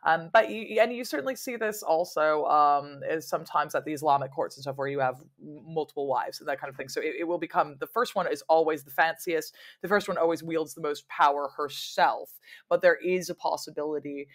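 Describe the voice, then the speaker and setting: A woman historian talking as a guest in a casual interview, animated and digressive, breaking into quick laughs and playful mock quotes. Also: sits low. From lives in London.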